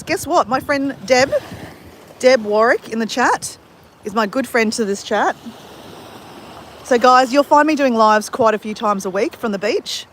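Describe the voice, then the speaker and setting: An upbeat Australian woman chats on a live stream from the beach, greeting viewers one by one. Her voice sits a little high. Faint waves wash behind her. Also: a little hiss or hum. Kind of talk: casual live-stream chat. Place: outdoors at a beach at sunrise.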